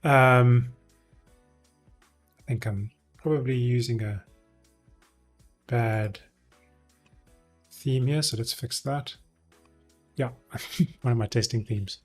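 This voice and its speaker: A man at his desk microphone walks through his coding work for a live stream, thinking aloud in a relaxed, unscripted way. His voice is a little husky and sits at an ordinary middle pitch. Faint music plays quietly behind him. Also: slow pace, pauses often. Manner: thinking aloud, many ums and self-corrections. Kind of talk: casual live-coding walkthrough.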